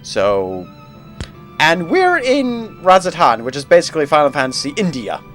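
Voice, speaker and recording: A man's voice: on the high side, wildly swooping pitch, normal speed, a bit bright, soft background music. A man commentating while playing a video game, chatty and laughing at himself as he recaps the story. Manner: chatty, laughs at himself, reads dialogue aloud. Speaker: game streamer. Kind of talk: let's play commentary.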